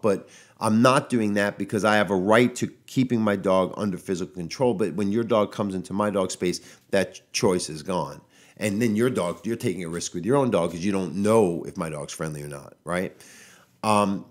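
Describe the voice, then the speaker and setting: A man, a dog trainer, hosting his own podcast in casual solo talk and venting his frustration. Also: fairly low pitch. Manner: frustrated ranting, quoting people in raised voices.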